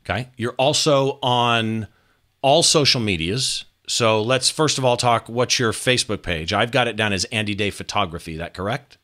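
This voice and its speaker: A male podcast host with a bright, forward tone and a middle pitch. He talks upbeat and direct, steering the guest and addressing the audience. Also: normal speed. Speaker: interview host. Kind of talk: podcast interview hosting.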